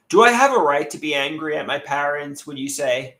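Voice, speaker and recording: A man's voice: on the high side, expressive, brisk, pushed and bright, roomy sound. A man streaming live and reading chat, talking in an agitated, repetitive way with many stumbling restarts.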